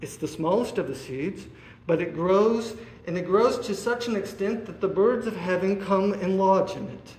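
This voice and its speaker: A man preaching a sermon, asking his listeners rhetorical questions and often pausing on "uh". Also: high-pitched, darkish tone. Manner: asks the listeners rhetorical questions, with many "uh" fillers. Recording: echoey room.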